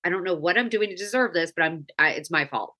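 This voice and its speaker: A woman's voice: on the low side, fast talker, pushed and bright. A woman in her thirties hosting a podcast, a mother talking earnestly and reflectively, often restarting her sentences. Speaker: podcast host. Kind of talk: casual chat.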